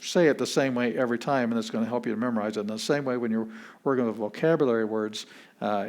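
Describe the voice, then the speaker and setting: A man, a pastor, teaching an introductory Greek class in a relaxed, chatty way, repeating words slowly to show how they are said. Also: medium pitch.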